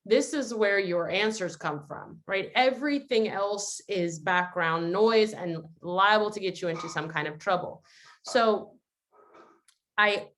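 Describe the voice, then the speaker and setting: A woman hosting a family video call, talking earnestly and reflectively, and sometimes acting out quotes. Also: medium pitch. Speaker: host. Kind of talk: casual reflective talk.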